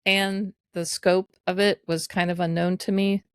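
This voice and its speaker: A woman co-hosting a podcast, guiding the conversation in a measured way and recapping earlier episodes. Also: medium pitch, flat delivery, clean tone, dry recording. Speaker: podcast co-host. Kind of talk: candid personal conversation.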